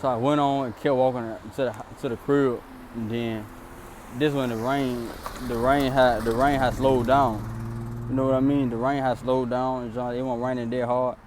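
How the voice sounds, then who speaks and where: Young man, mid-pitched voice, rambling casual storytelling, outdoors, faint traffic behind. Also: level tone, normal speed. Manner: rambling, repetitive "then boom" narration.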